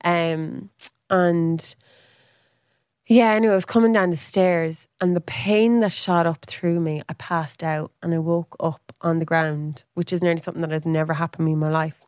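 A woman's voice: fairly even intonation, moderate pace, darkish tone, clean tone, no room sound, studio quality. A woman, chatting as a guest and telling a personal story, acting out what people said with big jumps in her voice. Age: 30s. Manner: chatty, acts out quoted speech with big pitch jumps. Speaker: podcast guest. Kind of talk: casual storytelling.

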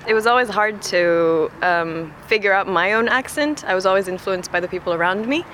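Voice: medium pitch, a little fast, fairly bright tone, a little hiss or hum. A speaker who grew up in Singapore answers a street interview outdoors, reflective and searching for words. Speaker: passer-by interviewee.

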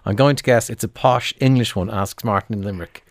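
A man's voice: on the low side, fast, dry recording, studio quality. A man hosting a radio show, chatty, reading out listener questions. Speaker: radio host. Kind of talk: radio interview.

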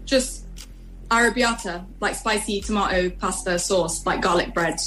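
A woman's voice: medium pitch, normal speed, a bit bright, faint music behind, rough recording. A young woman, a singer, chatting as a guest in a casual radio interview, laughing often and saying "like" a lot. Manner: giggly, chatty, says "like" often.

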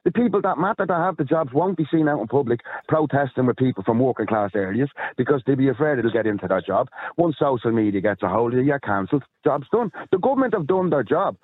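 A man's voice: medium pitch, expressive, fast, hardly any pauses, slightly rough, no echo. An Irish man speaking as a guest on a heated talk-show panel, impassioned and indignant as he argues his point. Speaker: guest commentator. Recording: phone-line call-in audio.

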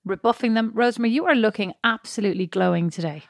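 A woman's voice: a little high, quick pace, dry recording. A woman with an Irish accent co-hosting a podcast, chatting casually and teasing her sister with lots of laughs. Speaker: podcast co-host. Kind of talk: casual chat.

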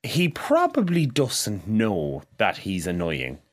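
A man trades crude stories in casual podcast banter. His delivery is blunt and bawdy, with a lively, swinging pitch. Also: slow. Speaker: podcast co-host.

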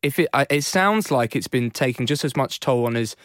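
A man's voice: mid-range voice, expressive, fairly quick, a bit bright, no room sound. Teasing English man, dry close voice. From England. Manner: teasing, repeats words when starting. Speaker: podcast host. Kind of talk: casual sports chat.

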